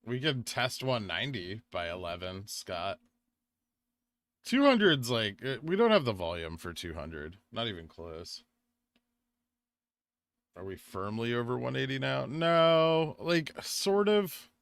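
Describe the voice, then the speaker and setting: A man hosting a live trading stream, reading chat aloud and talking casually with lots of fillers, drifting from quiet murmurs to excited bursts. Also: on the low side, a little slow, vocal fry, pauses often, no echo. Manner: rambling, filler-heavy, swings from quiet muttering to excited bursts. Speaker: livestream trading host.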